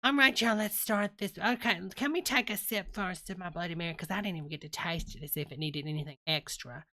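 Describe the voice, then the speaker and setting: A woman's voice: fairly low pitch, a little fast, bright, forceful tone. A woman hosting a comic livestream in character, chatting and rambling to viewers, calling them honey and y'all in a drawling way. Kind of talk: rambling comedic live stream chat.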